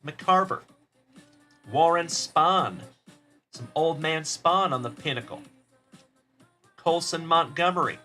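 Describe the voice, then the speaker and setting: A man with a slightly high, bright, forceful voice hosts a trading card break livestream. He's upbeat and friendly, giving chat shout-outs and greeting viewers by name while opening cards.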